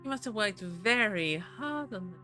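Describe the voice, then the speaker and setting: A streamer voicing a sweet, wistful ghost-possessed young girl in a high, dreamy way. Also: lively intonation, normal speed, sharp tone, faint music behind. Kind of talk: voicing game dialogue.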